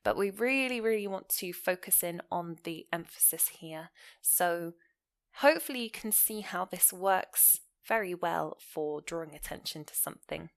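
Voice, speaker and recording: Woman explaining grammar with lively emphasis. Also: fairly low pitch, moderate pace. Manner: explanatory, stressing key words with lively rises and falls. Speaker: English teacher. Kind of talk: grammar lesson.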